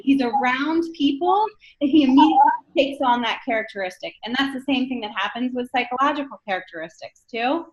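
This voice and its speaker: A woman lecturing a class in a conversational way, often checking in with the room by asking "right?". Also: on the high side. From northern United States. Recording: dull lo-fi lecture recording.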